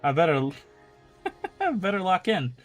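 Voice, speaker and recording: A man's voice: high-pitched, huge pitch swings, measured pace, faint music behind. A male streamer chatting loosely and swearing freely, then reading fan fiction aloud. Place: home streaming setup.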